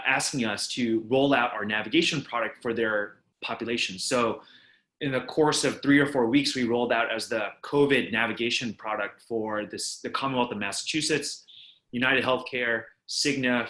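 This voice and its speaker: A man in his thirties speaks as a startup founder over a video call. His voice is bright and forceful at a middling pitch. He moves quickly and eagerly through his explanation, and the room around him sounds echoey. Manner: fast, fluent pitch with frequent restarts.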